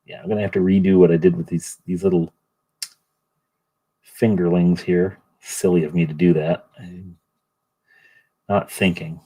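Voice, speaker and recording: Middle-aged guy rambling on his painting stream, low voice, shouting out chat. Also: flat delivery, moderate pace, pauses often, breathy edge. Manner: rambling, chatty, greets chat by name. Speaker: livestream host painting miniatures. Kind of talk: casual livestream chat.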